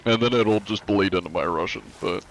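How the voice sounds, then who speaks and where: A young American man with a fairly low voice chats casually on a live stream. He rambles, jokes and swears, with loose, offhand delivery. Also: a little fast, slight background noise, poor audio. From United States. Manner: rambling, crude, joking.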